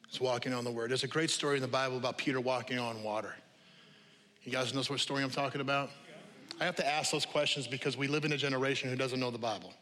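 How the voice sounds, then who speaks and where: Bright-voiced pastor preaching in a reverberant hall. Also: male voice, medium pitch. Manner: lively conversational preaching that repeats key phrases; humorous asides to the congregation. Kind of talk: sermon. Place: church auditorium with live congregation.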